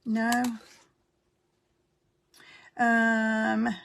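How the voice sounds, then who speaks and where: A woman hosting a casual live stream about her crafts, chatting while she works, greeting viewers by name and pausing often with fillers. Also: a little high, monotone, gravelly, a bit bright.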